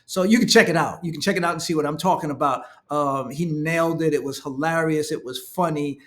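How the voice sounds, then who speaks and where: A man with a somewhat high-pitched voice talks to camera in an easy, conversational way. He speaks as an author sharing his own experience, stressing his points with real enthusiasm and tossing in "right?" after nearly every thought. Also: brisk. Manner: conversational, peppered with "right?" and "you know"; enthusiastic, animated emphasis. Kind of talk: casual talk to camera.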